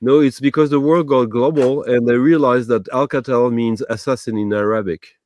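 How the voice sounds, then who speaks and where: A man's voice: medium pitch, steady tone, normal speed, darkish tone. A man, joking and teasing in a casual group chat over a video call. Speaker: guest in a live chat.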